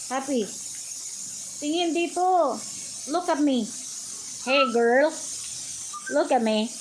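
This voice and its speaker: A woman's voice: high-pitched, animated, slow, slight background noise, poor audio. A woman vlogger chatting casually and talking sweetly to her pet birds in a coaxing, sing-song way. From Philippines. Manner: coaxing, sing-song baby talk to birds, mixing English and Tagalog.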